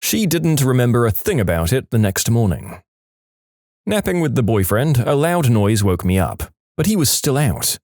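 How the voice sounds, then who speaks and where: Lively man narrating odd stories. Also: medium pitch, normal speed, no echo, studio quality. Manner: expressive storytelling with playful acted quotes. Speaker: storytelling channel narrator. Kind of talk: reading submitted stories aloud.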